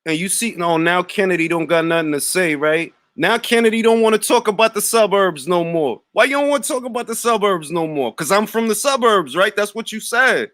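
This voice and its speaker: A man with a New York accent hosts a livestream, trading mocking trash talk full of street slang. His voice swings widely in pitch and sounds bright and forceful. The sound is dry and close, with no room around it. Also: animated, a little fast, few pauses, no echo. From Harlem, New York. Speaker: livestream host. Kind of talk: taunting livestream rant.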